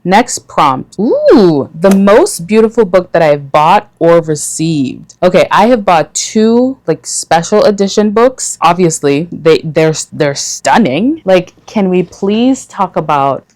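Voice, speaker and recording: A woman's voice: on the low side, big pitch swings, slow pace, few pauses, a little mellow. A woman chatting in a casual book vlog, gushing and rambling with many asides. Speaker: book vlogger.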